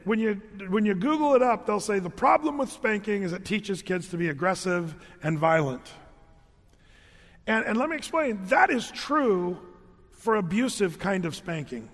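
Brief: male pastor, lighter high voice, lively conversational sermon with humorous asides, long hall reverb. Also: moderate pace. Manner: animated, conversational, joking asides. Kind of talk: storytelling sermon.

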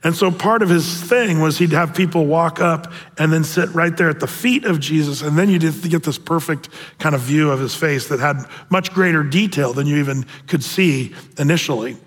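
A man preaches in a fairly high voice, telling the story with playful, animated asides. His words carry a long reverb, as in a large church hall. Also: moderate pace, hardly any pauses. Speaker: pastor. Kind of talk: sermon.

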